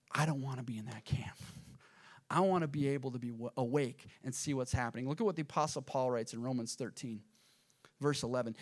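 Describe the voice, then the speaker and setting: A man preaching a sermon as pastor, addressing the congregation directly and swinging from hushed asides to loud, emphatic peaks. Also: mid-range voice, a little fast. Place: church auditorium.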